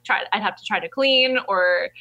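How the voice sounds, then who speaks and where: A woman's voice: medium pitch, normal speed, bright, forceful tone, lo-fi sound. A young woman from New Jersey chatting casually as an interview guest, telling stories animatedly with lots of fillers. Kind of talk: casual chat.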